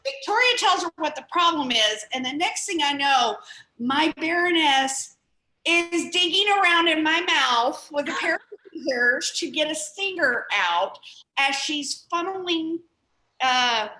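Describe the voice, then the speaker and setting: A woman's voice: high-pitched, animated, measured pace, sharp tone. A woman host in a casual interview, telling a story in a chatty way. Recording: roomy echo.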